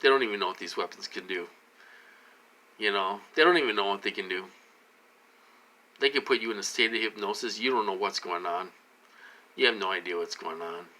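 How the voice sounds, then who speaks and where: A man rambling in a repetitive monologue to camera, full of restarts, slightly tipsy from a drink, swinging from loud outbursts to low muttering. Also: a little fast, pauses often. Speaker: vlogger.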